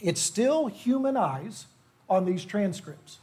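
Folksy man preaching, husky high voice. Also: lively intonation, slow pace, dark tone. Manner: folksy, self-deprecating, conversational. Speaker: lay preacher. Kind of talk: sermon. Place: church.

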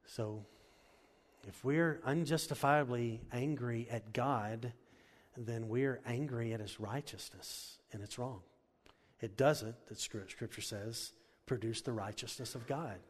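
Brief: male pastor, mid-pitched, earnest and emphatic, long church-hall reverb. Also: slow. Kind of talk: sermon. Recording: echoey hall.

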